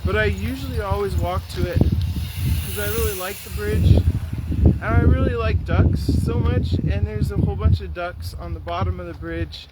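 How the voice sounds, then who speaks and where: A man's voice: sits high, normal speed. A young man chatting casually in a walking vlog on a riverside trail, rambling with frequent restarts, recorded on a carried phone. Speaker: vlogger. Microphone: phone or camera carried while walking. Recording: loud outdoor noise, wind. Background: loud outdoor ambience and wind.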